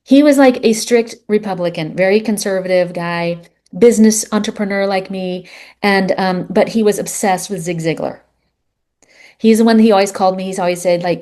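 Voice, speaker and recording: A middle-aged woman guest on a podcast, telling a personal story in an earnest, animated way with plenty of fillers. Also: medium pitch, a little fast. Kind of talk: storytelling in conversation.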